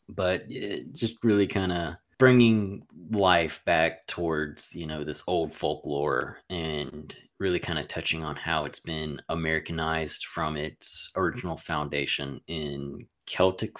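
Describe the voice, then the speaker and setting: A man co-hosting a podcast, telling folklore in a loose, rambling way full of fillers and teasing asides. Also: low voice. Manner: rambling, filler-heavy storytelling with playful jabs. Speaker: podcast co-host. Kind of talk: casual podcast chat.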